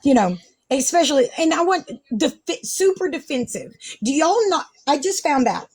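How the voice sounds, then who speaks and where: A woman's voice: high voice, big pitch swings, normal speed, no echo. A woman hosting a casual live stream, ranting defensively and sarcastically, swearing often. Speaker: livestream host.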